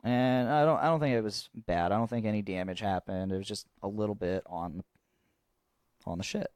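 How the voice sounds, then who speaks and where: Podcast co-host, young man, low voice, loose rambling storyteller, swears freely, dry close sound. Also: normal speed, a little mellow, dry recording. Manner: rambling, swears freely, restarts often, laughs at own story. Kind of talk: casual storytelling chat.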